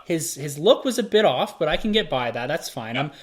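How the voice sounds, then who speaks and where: A man with a slightly high, sing-song voice speaks briskly while hosting a podcast. He leads a casual movie review conversation, directing things and asking his co-hosts questions.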